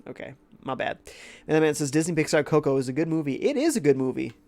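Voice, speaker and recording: A man's voice: fairly high pitch, fairly even intonation, fast, a little mellow, faint music behind. A young man with a congested, sick-sounding voice, casually chatting while playing a game and reading out viewer comments. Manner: laid-back, reads chat aloud. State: congested from a cold. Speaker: game streamer.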